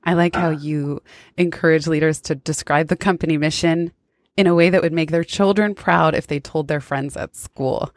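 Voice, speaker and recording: Podcast host, interview question, measured, appreciative, mid pitch, dry close sound. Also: steady tone, dry recording.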